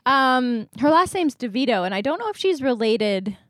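A woman co-hosting a comedy podcast, joking and bantering with silly bits and sudden loud laughs. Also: a little high, sing-song, moderate pace, no room sound, clean studio sound. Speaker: podcast co-host. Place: small home room.

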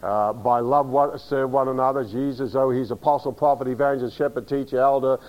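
A pastor preaches a teaching sermon in a mid-range, steady voice at a brisk pace, and the recording's highs are cut off. He is emphatic and direct, spells words out, and often asks his congregation to agree with him.

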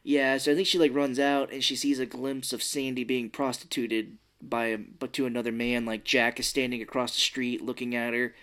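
A woman's voice: very deep voice, little pitch movement, moderate pace, hardly any pauses, a bit bright. A woman co-hosting a podcast, retelling a film's scenes in a loose, rambling way with fillers and mild swearing. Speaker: podcast co-host. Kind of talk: casual movie recap chat.

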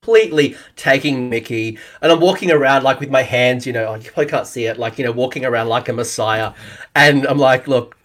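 A man's voice: mid-range voice, brisk, fairly bright tone. A man with an Australian accent hosting a podcast, chatting casually and telling jokey stories. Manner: jokey, laid-back storytelling. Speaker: podcast host. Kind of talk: casual chat.

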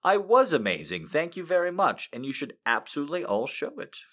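A man hosting a live show, reading a story aloud and then chatting casually, animated and swinging between hushed and loud. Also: fairly high pitch, a little fast. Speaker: reader and live show host.

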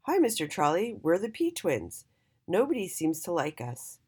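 A woman's voice: fairly low pitch, wildly swooping pitch, moderate pace, a little mellow, slightly rough, full character voice. A woman voicing the P twins, a pair of sweet, lonely talking letters in a children's storybook. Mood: sad. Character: sad lonely twin letters, sweet and eager.

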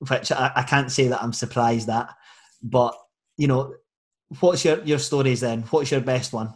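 A Scottish man hosting a casual podcast, asking questions and sharing memories in a relaxed, chatty way. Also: medium pitch, moderate pace. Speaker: podcast host.

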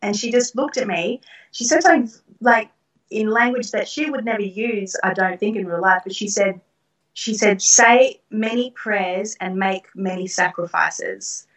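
A middle-aged woman recounts personal experiences in an interview, earnest and reflective, with soft laughs. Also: medium pitch, moderate pace. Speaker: guest. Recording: roomy, distant from the mic.

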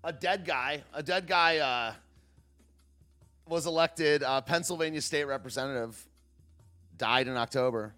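Guy doing a livestream, kinda high voice, jokey and sarcastic, reads chat out. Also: unhurried, pauses often, bright, forceful tone, faint music behind. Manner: sarcastic, laughs often, reads chat aloud. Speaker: livestream host. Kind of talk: casual livestream commentary.

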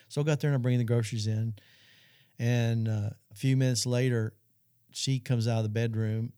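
A man's voice: mid-range voice, steady tone, fairly quick, mellow, clean tone, dry recording, studio quality. A middle-aged man telling an earnest personal testimony on a Christian talk show, speaking straight to the audience. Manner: earnest storytelling, addresses audience.

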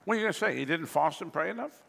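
A man preaching a sermon as pastor, animated, with sweeping pitch jumps and chuckling asides. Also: very fast, creaky, in a large hall.

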